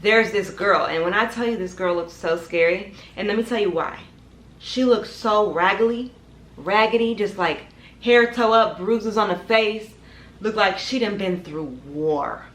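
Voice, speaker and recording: This storytime vlog features a young woman with a mid-range voice and a measured pace, recorded in an echoey room. She tells her viewers, whom she calls "y'all," a dramatic personal tale, acting out the scenes with animation.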